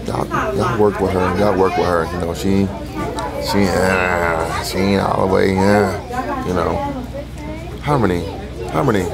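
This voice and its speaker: A young adult man, a father, talking in a relaxed, slangy way for a casual vlog and teasing his children playfully. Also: deep voice, unhurried, vocal fry, a loud crowd, rough recording. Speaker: vlogger and father.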